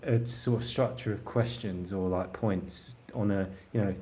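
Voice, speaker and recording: A very deep-voiced man hosts a podcast interview. He asks long, meandering questions with lots of fillers and restarts. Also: fairly even intonation, normal speed, a little mellow. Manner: hesitant, rambling questions full of fillers. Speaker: podcast host.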